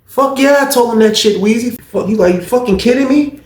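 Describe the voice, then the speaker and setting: A man voicing an angry, cursing male cellmate who is snapping in rage, his voice pitched up and loud. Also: a little fast, reverberant. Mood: furious. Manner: shouting, profane, raised voice.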